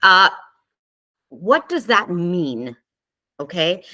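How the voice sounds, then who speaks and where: A woman giving a spiritual talk to a live online group, gentle and conversational, often checking in with her listeners and laughing easily. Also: fairly low pitch, big pitch swings, very slow. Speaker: spiritual teacher hosting a live online session.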